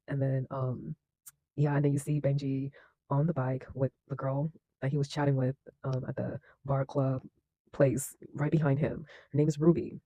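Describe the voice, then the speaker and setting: A man's voice: medium pitch, flat delivery, normal speed, dark tone, no room sound, rough recording. A man giving casual film reaction commentary, effusive and slangy, laughing often and restarting his sentences. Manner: enthusiastic, laughs often, many fillers and restarts.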